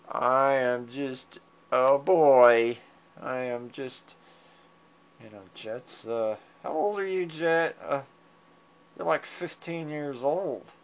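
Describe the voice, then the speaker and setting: A man at home speaks very slowly to his cats, coaxing them and meowing back. He chuckles quietly between lines. His smooth, resonant voice is picked up by a handheld camera mic. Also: medium pitch. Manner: fond, coaxing pet talk, meows at the cats, soft chuckles. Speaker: cat owner filming his pets. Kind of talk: casual talk to his cats. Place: at home indoors. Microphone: handheld digital camera mic.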